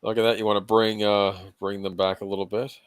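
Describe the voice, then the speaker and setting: A man's voice: on the low side, flat delivery, a little fast, clean tone, no room sound. A man hosting a casual watch-along commentary, chatty, laughing often and trailing off mid-sentence. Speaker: host.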